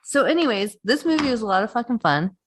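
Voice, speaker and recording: A woman's voice: a little high, very animated, fast talker, slight background noise. A woman co-hosting a podcast in casual chat, swearing freely and laughing often. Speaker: podcast co-host.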